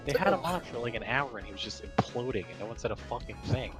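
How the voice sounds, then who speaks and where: A man's voice: mid-range voice, lively intonation, fast, fairly bright tone, faint music behind. A man in casual livestream chat, gleeful and mocking.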